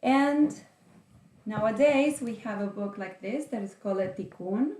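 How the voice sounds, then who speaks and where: A woman teacher walks through a lesson at an unhurried, careful pace, stopping between phrases. Her voice sits at an ordinary middle pitch. The room around her is noticeably echoey. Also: mellow. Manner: slow, careful explanation with pauses. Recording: roomy echo.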